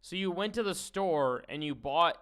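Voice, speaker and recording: Bright-voiced male streamer, blunt and rambling. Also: fairly high pitch, lively intonation, moderate pace, smooth. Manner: blunt, incredulous, rambling with fillers. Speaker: streamer reacting to videos. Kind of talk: casual live-stream commentary.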